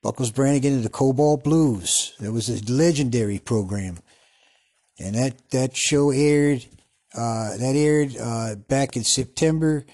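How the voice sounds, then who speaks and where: A man hosting a podcast in a casual, rambling monologue, often losing his train of thought and restarting, with a husky voice. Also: mid-range voice, measured pace, warm tone. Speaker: podcast host.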